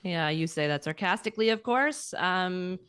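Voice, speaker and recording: A woman's voice: fairly low pitch, expressive, normal speed, a bit bright, smooth, dry recording. A Canadian woman co-hosting a podcast, running through headlines in a chatty way with lots of ums and likes. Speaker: podcast co-host. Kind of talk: casual news chat.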